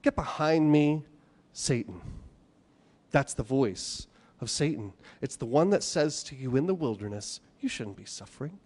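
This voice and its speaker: A man preaching a sermon, animated, asking rhetorical questions and acting out the voices of the people he quotes. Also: mid-range voice, a little slow. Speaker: pastor.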